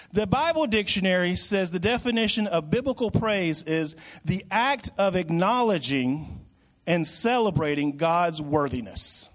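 High-voiced preacher man. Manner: conversational, with repetitions and restarts. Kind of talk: sermon.

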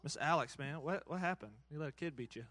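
A man's voice: a little high, fast talker, fairly bright tone, no echo. A man hosting a live church game for kids and a crowd, playful and hyped, cheering countdowns and teasing the players. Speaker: children's church game host. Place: church hall.

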